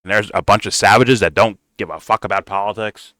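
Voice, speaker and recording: A man's voice: on the low side, fairly even intonation, fairly quick, a bit bright, dry recording. A man ranting bluntly in reaction to a political video, swearing constantly and calling the listener "bro.". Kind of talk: profane reaction rant.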